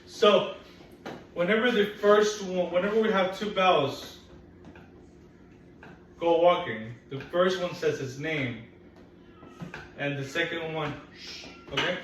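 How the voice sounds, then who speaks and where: A woman's voice: fairly low pitch, slow, long pauses. A woman teaching phonics to young children, patient, repeating vowel sounds and teasing that she will trick them. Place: classroom. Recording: echoey room from far off, faint noise.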